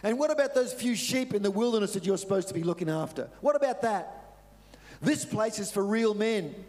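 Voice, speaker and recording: A scornful young soldier sneers at his little brother, as a preacher puts him on. The voice jumps high and loud, indignant and mocking. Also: lively intonation, brisk, big-room sound.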